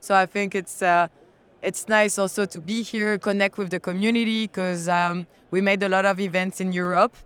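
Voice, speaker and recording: A French-accented woman whose first language is French, chatting as a guest at a conference expo and speaking in halting English full of fillers and restarts, into a handheld mic. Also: mid-range voice, fairly even intonation, a bit bright, clear, resonant tone. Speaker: guest, brand representative. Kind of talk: casual conference interview.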